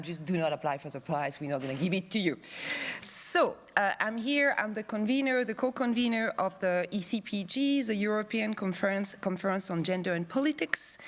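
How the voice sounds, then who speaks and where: This medium-pitched woman, a conference co-convener, presents an academic award in a lighthearted speech, teasing the audience and rattling off her lines in quick bursts. There's slight background noise on the recording.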